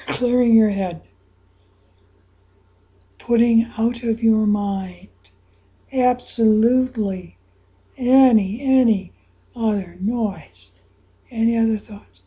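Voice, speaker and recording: Slow, breathy woman guiding a visualization. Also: on the high side. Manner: slow and breathy, dropping to whispers, then rising to excited exclamations. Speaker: anxiety coach guiding a visualization. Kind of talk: guided visualization exercise.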